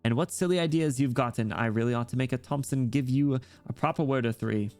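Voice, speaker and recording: A man's voice: mid-range voice, fast talker, darkish tone, close to an everyday voice. A man voicing a pompous older noble uncle in a game story, reading it in a mock-British manner over faint music. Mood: stately.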